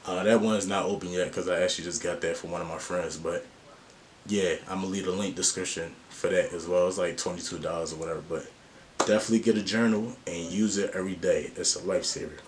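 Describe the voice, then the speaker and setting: A man's voice: deep voice, steady tone, quick pace, slight background noise. A man vlogging life advice in a slangy, earnest and open way. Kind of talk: casual to-camera talk.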